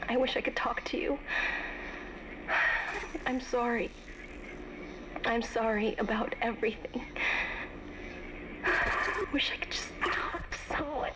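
A sorrowful woman whispering an apology on video; whispered role-play, soft and slow. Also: fairly high pitch, steady tone, low-quality recording. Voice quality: whispery, breathy. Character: distraught woman in a recorded video message.

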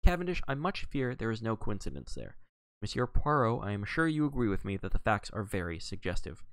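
A man reading aloud and voicing a dry, measured older male lawyer laying out suspicions. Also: lowish voice, very animated, a bit bright, no room sound. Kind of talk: audiobook character reading.

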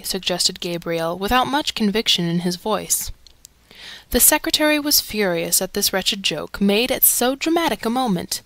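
A woman reads a classic novel aloud in a dramatic, expressive audiobook style. Her voice sits at a middle pitch and sounds close and dry. The pacing follows the story. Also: moderate pace, no room sound. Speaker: audiobook narrator. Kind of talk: scripted narration.

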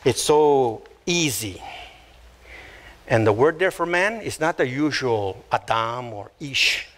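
A man preaching a sermon, emphatic and repetitive, slowing right down to stress key words. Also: medium pitch, lively intonation, fairly bright tone. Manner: emphatic, repeats phrases, slows down to stress words; acts out little quoted voices. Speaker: pastor.

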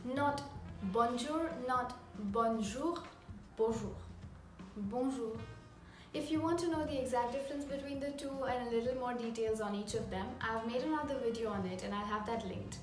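A woman teaching beginner French, upbeat and slowing down to model each pronunciation. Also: fairly high pitch, distant mic. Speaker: language teacher. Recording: roomy echo, off-mic, audible room noise.

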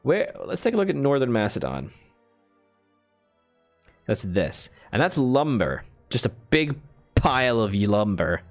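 A man's voice: mid-range voice, very animated, a little slow, long pauses, soft background music. A man live-streaming a strategy game, thinking aloud in a chatty way and thanking viewers with bursts of enthusiasm. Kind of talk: casual live-stream commentary.

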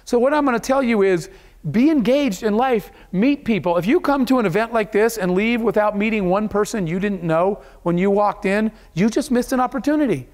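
A man's voice: sits high, a little fast, a little mellow. A man giving a motivational keynote speech to an audience, telling stories in an earnest, emotional way. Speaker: keynote speaker. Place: event hall.

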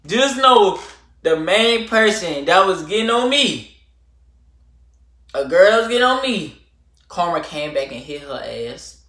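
A young man telling a storytime vlog to camera, animated and slangy, swinging from loud rants to low muttering. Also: unhurried, long pauses, reverberant. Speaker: vlogger.

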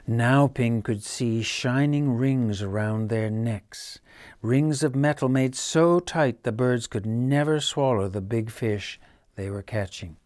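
A man reads a children's bedtime story aloud in a gentle, measured way. His voice sits at a middle pitch, and he drops to a near whisper at the quiet moments. The recording is dry and close, with no room sound. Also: dry recording.

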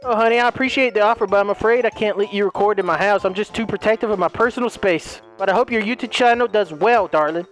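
A woman's voice: mid-range voice, fast, few pauses, soft background music, lightly acted. A synthetic older woman's voice, playing a polite elderly homemaker in a game and talking in a sugary, genteel way. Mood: sweet. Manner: sugary, genteel, calls others "honey" and "darling".

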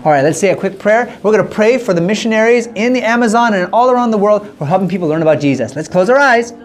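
A man narrating a children's mission story in an expressive way, speaking directly to young listeners. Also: high-pitched, quick pace.

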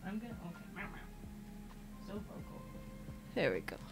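A woman's voice: mid-range voice, wildly swooping pitch, moderate pace, loud music behind the voice. A woman streaming from her home desk in a casual chat, coaxing her cat in a sing-song voice. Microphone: desk microphone.

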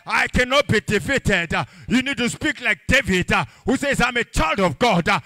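High-voiced fervent male preacher. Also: animated, moderate pace, no room sound. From Africa. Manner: fervent preaching with chanted, sung phrases and shouts. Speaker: pastor. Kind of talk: sermon.

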